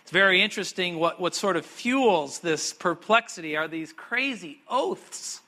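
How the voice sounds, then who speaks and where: High, bright-voiced male preacher. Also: lively intonation, a little slow. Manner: dramatic preacher, shifts from quiet asides to sudden loud emphasis. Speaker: pastor. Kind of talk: sermon.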